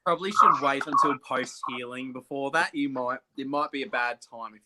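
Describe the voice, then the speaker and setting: Bright-voiced teasing speaker. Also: mid-range voice, moderate pace. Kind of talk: casual chat.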